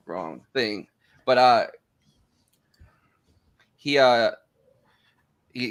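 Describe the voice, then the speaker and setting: A man's voice: lowish voice, a bit bright. An American man hosting a podcast, chatting loosely and joking with frequent laughs. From United States. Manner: loose and jokey, laughs often. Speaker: podcast host. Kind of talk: casual podcast chat.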